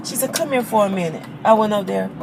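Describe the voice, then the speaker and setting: A woman tells her viewers a personal story in an earnest, heartfelt way, her voice catching as she holds back tears. A steady hum of noise sits behind her voice. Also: medium pitch, quick pace, vocal fry. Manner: emotional, earnest, addresses viewers as y'all. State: choked up with tears. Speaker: vlogger.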